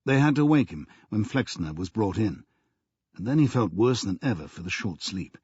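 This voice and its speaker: A man reading an audiobook in measured, even scripted narration. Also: fairly low pitch, slightly rough, muffled recording.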